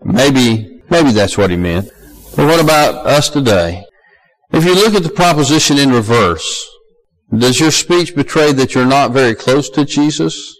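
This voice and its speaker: A man's voice: animated, unhurried, low-quality recording. Southern male preacher, conversational sermon, homespun humor, soaring emphasis. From American South. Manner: folksy, conversational preaching that rises to loud high emphasis.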